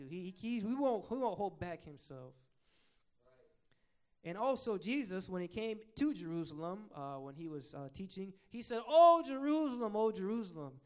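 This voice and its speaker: An impassioned male preacher with a high, smooth, resonant voice. He reads scripture in loud, rising swells, then drops to a quiet, plain tone to explain it to the congregation. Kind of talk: sermon.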